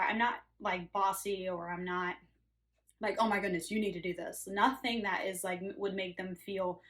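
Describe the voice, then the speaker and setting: A woman's voice: medium pitch, a bit bright. A woman nurse telling a work story in an earnest, chatty way, with many fillers and restarts. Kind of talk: casual storytelling to camera.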